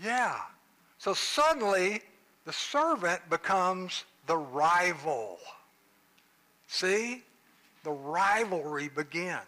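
A man's voice: sits high, animated, takes it slowly, long pauses, sharp tone, poor audio. A man preaching a sermon in a conversational, joking way, with playful asides. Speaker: pastor.

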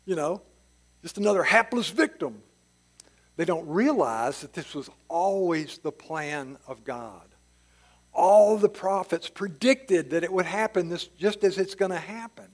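A man's voice: high-pitched, expressive, measured pace. A man teaching a Bible passage in a casual, folksy way, paraphrasing the story in plain words with asides. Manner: restarts and fillers, chuckles at times.

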